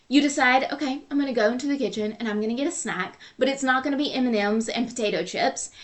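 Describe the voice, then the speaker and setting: Lady coaching on her podcast, kinda high voice, earnest, says things over and over. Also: a bit bright. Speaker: podcast host and nutrition coach. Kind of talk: solo podcast advice talk.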